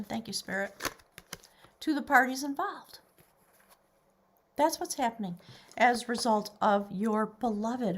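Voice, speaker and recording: A woman giving a tarot reading to camera, animated and excitable, now and then dropping to a whisper. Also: medium pitch. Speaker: tarot reader.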